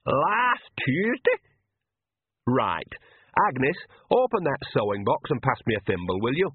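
A man's voice: medium pitch, big pitch swings, a little slow, husky, no echo. A man voicing a shameless, earthy old witch who talks bluntly. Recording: tinny phone-like dry sound.

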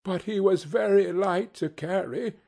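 A man reading aloud and voicing a grieving mother, keeping a steady, cheerful tone that wavers, in a raised, husky voice. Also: sits high, a little slow, pitched above the performer's own voice, heavily acted. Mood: tender.

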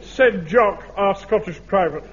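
An actor playing a pompous, self-important middle-aged Home Guard captain in a radio sitcom. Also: male voice, high-pitched, a little slow, a crowd in the background. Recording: muffled old radio recording with hiss.

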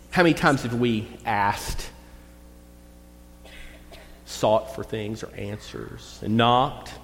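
A man preaching a sermon as pastor, talking in a folksy, conversational way and reading scripture slowly. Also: medium pitch. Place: church sanctuary. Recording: long church reverb.

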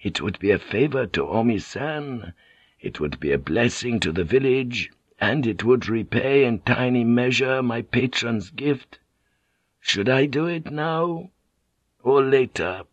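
A man reading an audiobook, voicing an old male monk who speaks softly and musingly. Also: medium pitch, lively intonation, unhurried, breathy edge, no room sound, lo-fi sound. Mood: menacing. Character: old male monk, serene, quietly menacing.

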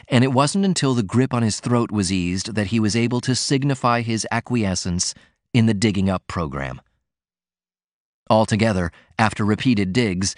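Low-voiced male audiobook narrator. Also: no echo, clean studio sound.

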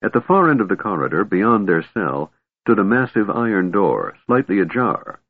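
Husky low-voiced male fantasy narrator. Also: no room sound. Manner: measured, steady storytelling. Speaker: audiobook narrator. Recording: tinny narrow-band recording.

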